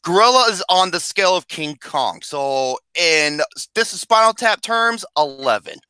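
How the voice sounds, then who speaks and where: A man hosting a movie podcast in loud, excitable, teasing banter. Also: high voice, measured pace, clean tone, dry recording. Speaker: podcast host.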